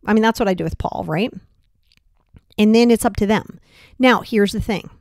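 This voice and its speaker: A woman's voice: medium pitch, moderate pace, long pauses, darkish tone, no echo, studio quality. A woman hosting a solo motivational podcast, talking bluntly and casually and firing off rhetorical questions. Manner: direct, fires rhetorical questions; blunt, casual, with mild swearing. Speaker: podcast host.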